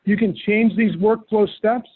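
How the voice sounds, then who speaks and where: A man with a fairly high pitch takes a user through each step of some software, relaxed and patient, in an unhurried delivery with a breathy edge. It's call audio, tinny and phone-like, sounding dry and close with no room sound.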